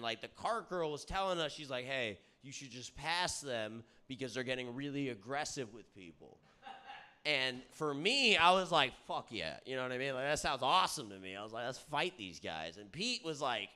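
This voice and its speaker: A rowdy young man spins a sweary story among friends, his voice bright and cutting. He sits a little higher than most men and keeps pausing to ask if everyone is following, growing louder as he gets excited. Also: clean tone. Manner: rowdy, swearing, keeps saying "all right?" and "dude"; gets loud and excited at times. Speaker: comedy podcast host. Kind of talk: casual storytelling chat.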